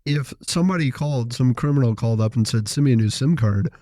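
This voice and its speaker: A man's voice: mid-range voice, fast talker, warm tone, no echo, studio quality. A man co-hosting a podcast, telling stories and acting out both sides of conversations. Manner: storytelling, acts out dialogue. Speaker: podcast co-host. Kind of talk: casual podcast chat.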